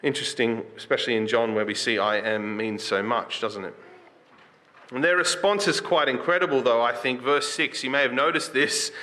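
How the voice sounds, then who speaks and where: Guy giving a sermon, bright voice, chatty, keeps asking the room questions. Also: medium pitch, steady tone, moderate pace. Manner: conversational, asks the listeners questions; reads scripture aloud with rising emphasis. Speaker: preacher.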